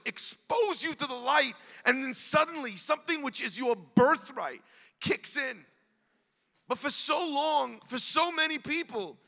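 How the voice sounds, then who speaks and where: A man, a rabbi, giving an impassioned storytelling speech at an event, rising at times to shouts. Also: very high voice, gravelly, long reverb tail. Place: large event hall.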